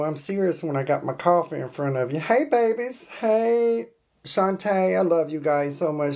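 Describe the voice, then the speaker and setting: Chatty woman live-streaming. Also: low-pitched. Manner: warm-hearted, greets viewers by name, chatty. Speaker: livestream host. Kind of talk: casual live stream chat. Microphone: phone on a stand.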